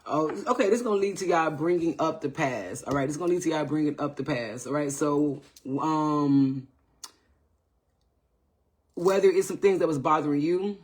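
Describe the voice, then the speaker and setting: A man's voice: on the high side, moderate pace, darkish tone. Laid-back man giving a live reading. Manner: loose, repetitive, greets viewers by name, says "all right?" often. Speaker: tarot reader on a livestream. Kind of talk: casual live tarot reading.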